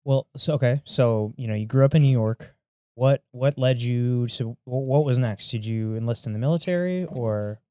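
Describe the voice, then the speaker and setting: A man hosting a podcast asks short, casual questions to keep his guest talking. His voice sits at an ordinary pitch, and the recording is dry. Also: moderate pace, warm tone, clear, resonant tone, no room sound. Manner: brief prompting questions. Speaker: podcast host. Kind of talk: casual interview.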